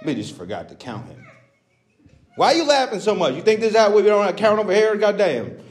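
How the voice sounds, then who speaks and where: A man's voice: medium pitch, moderate pace, lightly acted. A male comedian voicing a crude, rambling Texas redneck character on stage. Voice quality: crude, drawling, self-mocking patter. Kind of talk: stand-up character bit.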